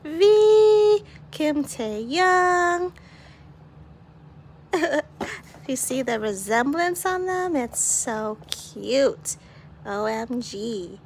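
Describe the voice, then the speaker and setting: Giggly young woman doing a slow, chatty vlog at home, bright and bubbly, swoops up and down a lot. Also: high voice, big pitch swings, slight background noise. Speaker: vlogger. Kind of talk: casual unboxing vlog.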